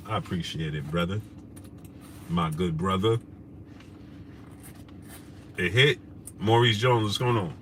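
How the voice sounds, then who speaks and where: New guy on a live stream, bright punchy voice, slangy, shouting out chat names, bit of noise behind. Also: low voice, slow pace, pauses often. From New York. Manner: loose, slangy, shouting out viewers by name. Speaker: host. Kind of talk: casual live-stream chat, reading super chats.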